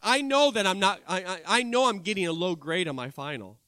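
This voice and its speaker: A man voicing a despairing young male college student who speaks in a low, trembling way. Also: expressive, a little fast, sharp tone, no room sound, studio quality. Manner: trembling, self-loathing.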